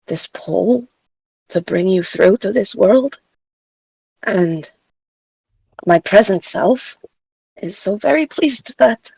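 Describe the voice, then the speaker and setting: A woman playing her character in a tabletop game, speaking softly and hesitantly with many fillers. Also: lowish voice, vocal fry, breathy edge, no room sound, low-quality recording. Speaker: player. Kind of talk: in-character tabletop role-play.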